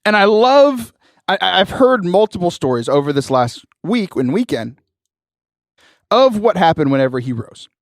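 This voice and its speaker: Animated man telling a story. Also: high-pitched, normal speed, no room sound, clean studio sound. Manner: animated, laughing often, mimics voices in anecdotes. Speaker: podcast host. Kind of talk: casual storytelling.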